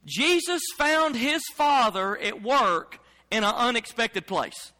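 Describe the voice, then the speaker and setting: A man's voice: very high voice, very animated, slow, bright, forceful tone, big-room sound. A man preaching a sermon as pastor, speaking emphatically and repeating phrases as he builds his points.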